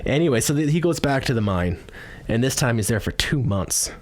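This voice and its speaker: A man's voice: mid-range voice, animated, a little fast. A man telling a rambling joke in a casual podcast chat, often restarting and laughing. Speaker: podcast host.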